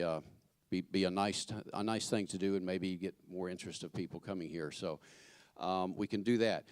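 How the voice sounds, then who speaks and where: A man giving church announcements in a chatty, joking way, halting with fillers and restarts. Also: on the low side, darkish tone, smooth, no echo, studio quality. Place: church sanctuary.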